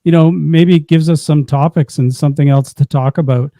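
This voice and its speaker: A man's voice: a little high, fairly even intonation, brisk, mellow, no room sound, clean studio sound. A man co-hosting a casual real estate chat, easygoing and teasing. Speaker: co-host.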